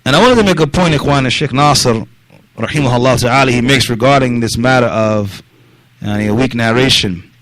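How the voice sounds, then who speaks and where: A man teaching a mosque lesson, mixing Arabic phrases into his English, pausing on fillers like yani, and directly questioning the people listening. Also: medium pitch, a bit bright, dry recording. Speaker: religious teacher.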